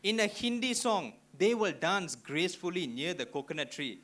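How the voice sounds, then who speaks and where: A young man from Malaysia with a Malaysian English accent, doing an animated stand-up routine in front of a live audience. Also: high voice, normal speed. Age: young adult. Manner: animated, punchy storytelling. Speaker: stand-up comedian. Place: auditorium stage before a live audience.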